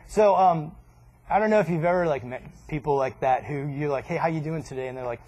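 A man's voice: high-pitched, lively intonation, quick pace, noisy background. A man preaching a casual sermon, conversational and joking, often quoting people in voices. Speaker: pastor.

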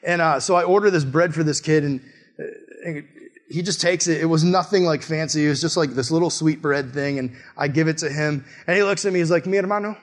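A young man, a missionary, preaching a sermon through a personal story in a casual way, full of "like", and jumping high and loud when he acts out his own reactions. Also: brisk. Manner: animated storytelling, often rising high and loud in quoted outbursts; casual, peppered with "like".

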